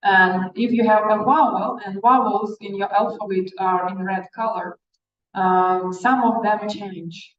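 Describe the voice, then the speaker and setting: A woman teacher speaks slowly and patiently, repeating words for beginners. Her voice sounds distant from the mic in a roomy space with reverb. The recording is dull and lo-fi. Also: mid-range voice, steady tone. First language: Russian. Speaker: Russian language teacher. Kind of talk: classroom language lesson.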